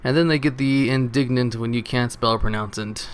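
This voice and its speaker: Man, mid-pitched voice, reads online comments aloud, casual and sarcastic, slight hiss behind. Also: fairly quick, hardly any pauses. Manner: casual, sarcastic reading with chuckles. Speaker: reader of online posts. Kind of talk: reading forum comments aloud.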